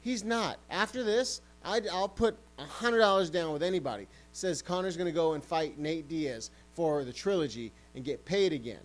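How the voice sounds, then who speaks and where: A man's voice: fairly high pitch, moderate pace, hardly any pauses, low-quality recording. A man hosting a sports podcast, ranting heatedly and swearing often. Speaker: podcast host.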